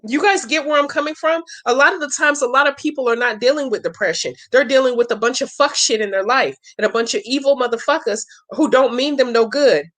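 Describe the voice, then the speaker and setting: A blunt woman hosts a casual vlog, swearing freely and riffing through long example stories. Her voice sits a little high, and her delivery is chatty and unfiltered. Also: brisk, hardly any pauses, fairly bright tone. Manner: blunt, profane, chatty storytelling. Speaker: channel host answering viewer questions.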